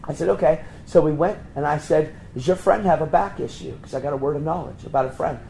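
A fairly high-pitched man from Pennsylvania preaching in a storytelling way. He jumps his pitch up sharply when he acts out what others said. A faint hiss of room ambience sits behind him. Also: quick pace, gravelly, rough recording. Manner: animated, acts out quoted voices with sudden high jumps. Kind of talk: storytelling sermon.

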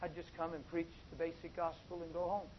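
A man preaching a sermon, swinging from soft asides to loud, drawn-out emphatic phrases. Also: a little high, level tone. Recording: dull, lo-fi with faint noise.

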